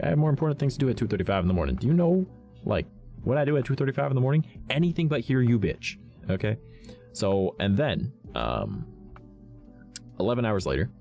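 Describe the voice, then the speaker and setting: A man with a creaky, darkish voice streams to his chat, telling a story in a blunt, profane rant. His pitch swings widely as he goes.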